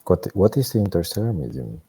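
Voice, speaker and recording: A man's voice: deep voice, big pitch swings, a little fast, mellow, slightly rough. A man chairing a workshop session, prodding the audience and teasing the lecturer. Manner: prods the audience and teases the speaker.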